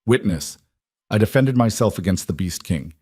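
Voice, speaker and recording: A man's voice: fairly low pitch, lively intonation, normal speed, darkish tone, husky, no room sound. Sneering werewolf villain played by a man, mocking, cruel, dry close sound. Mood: cold. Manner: taunting, mocking. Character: sneering cruel young male werewolf rival.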